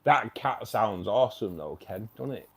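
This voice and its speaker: A man's voice: on the low side, animated, moderate pace, gravelly, husky. A man with a British accent hosting a casual livestream, chatty and slangy, laughing often. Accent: British English. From United Kingdom. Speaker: aquarium channel host.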